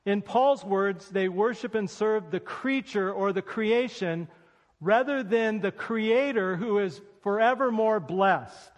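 A man's voice: high-pitched, slow, in a large hall. A man preaching a sermon as pastor, telling a story about himself with self-deprecating humor before reading scripture.

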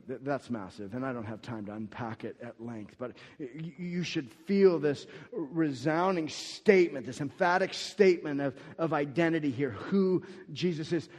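A man preaching a sermon, going from quiet scripture reading to loud, emphatic declarations, with frequent restarts. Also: medium pitch, normal speed. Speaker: pastor. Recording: long hall reverb.

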